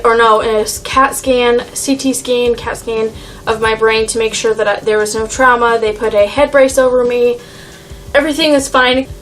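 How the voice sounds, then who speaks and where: Young woman vlogger, casual storyteller, fillers everywhere, highish voice, faint music behind. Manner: rambling, lots of "like" and "um".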